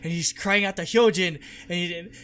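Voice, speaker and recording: Excitable man with a bright, higher voice. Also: a little fast. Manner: excitable, swearing, trailing off mid-sentence. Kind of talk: casual movie review chat.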